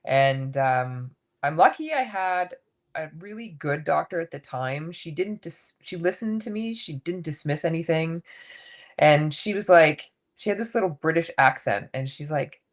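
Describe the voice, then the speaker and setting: A woman in her fifties with a low voice talks openly and casually in a podcast interview. She tells her story in a lively way and acts out the lines of others. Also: a little slow. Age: 50s. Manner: candid, animated storytelling with acted quotes. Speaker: guest coach.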